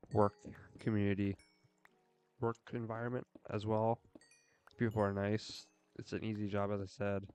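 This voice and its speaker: A young man with a lowish, clean-toned voice streams a game while chatting casually. His talk is earnest and rambling, full of fillers.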